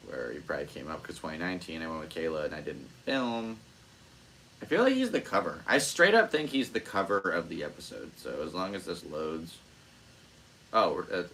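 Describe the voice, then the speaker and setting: A young man with a somewhat low voice hosts his podcast solo. He rambles through stories in an excitable, self-deprecating way, with a faint hum of background noise behind him. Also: poor audio. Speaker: podcast host.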